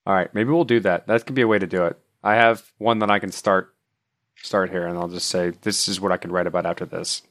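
A man co-hosting a podcast with dry, wry remarks in casual banter. His voice sits very low. The sound is close and dry, with no room in it. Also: fairly even intonation, a little fast, fairly bright tone, no echo. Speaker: podcast co-host.

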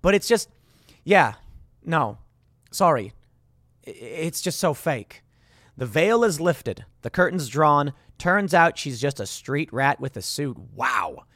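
A man's voice: a little high, sing-song, slow, fairly bright tone, no room sound, studio quality. Sarcastic man doing clip commentary. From Chicago. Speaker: political commentary host. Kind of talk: reacting to news clips.

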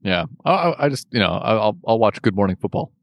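A man's voice: lowish voice, sing-song, fast talker, creaky, no room sound, clean studio sound. A man co-hosting a casual chat, rambling and teasing with lots of fillers. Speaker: podcast co-host.

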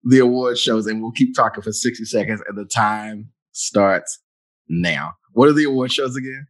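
A man hosting a casual chat, playful and teasing, breaking into loud laughter often. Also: lowish voice, normal speed.

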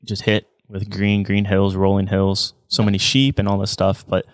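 A man's voice: on the low side, monotone, normal speed, smooth, dry recording, clean studio sound. A man co-hosting a casual travel podcast, talking with enthusiasm and often restarting his sentences. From United States. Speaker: podcast co-host.

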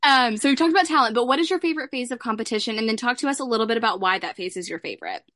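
A woman hosting a casual interview, chatty and quick to laugh. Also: a little high, animated, sharp tone, dry recording, clean studio sound. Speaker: interview host.

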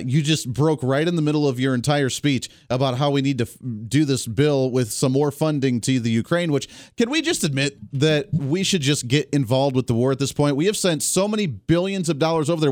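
A man hosting a talk radio show, giving sarcastic, animated, unscripted political commentary. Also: on the high side, no room sound, studio quality.

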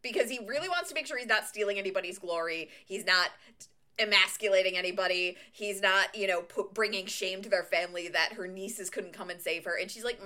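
A woman chats casually on a book podcast, her voice bright and forward. She rambles comfortably through plot recaps and laughs often. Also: mid-range voice, brisk. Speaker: podcast co-host. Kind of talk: casual book-club chat.

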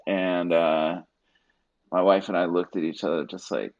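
Deep-voiced man telling his story. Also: fairly even intonation, a little slow, a little mellow. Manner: earnest, reenacts dialogue in voices. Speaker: guest, Marine Corps veteran. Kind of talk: casual personal storytelling. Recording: dull lo-fi recording.

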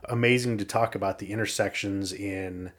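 A counselor speaks as a podcast guest in a low voice. He meanders through his points with loose fillers and trails off often, keeping a relaxed, conversational tone. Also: moderate pace.

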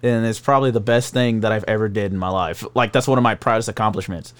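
Profane, animated young man chatting. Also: lowish voice, fast, clean tone. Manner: profane, animated, laughs often. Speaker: restaurant worker and comedian. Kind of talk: casual chat.

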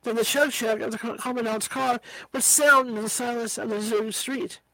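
A woman's voice: fairly high pitch, steady tone, normal speed, fairly bright tone, no echo, rough recording. A woman reading a book aloud as an amateur reader, tripping over hard words and slipping in casual asides. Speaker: audiobook reader.

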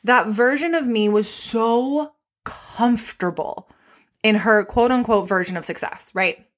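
A woman's voice: on the high side, a little slow. Chatty, candid young woman podcaster. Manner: chatty and candid, swearing freely, animated asides. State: pregnant. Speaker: podcast host and fitness instructor. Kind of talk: casual solo podcast monologue. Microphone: podcast microphone.

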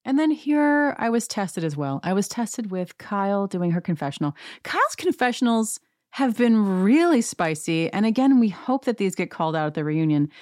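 A woman's voice: medium pitch, normal speed, no echo, clean studio sound. Sarcastic woman ranting through a TV recap. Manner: sarcastic, gossipy, animated. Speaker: reality TV recap podcaster. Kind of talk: rant-filled casual recap.

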